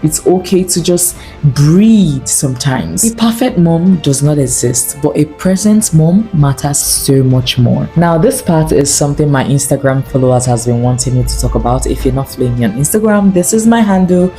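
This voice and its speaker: A young woman talking candidly to camera in a lifestyle vlog, earnest and confiding with lively asides. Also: sits low, normal speed, faint music behind. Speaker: lifestyle vlogger.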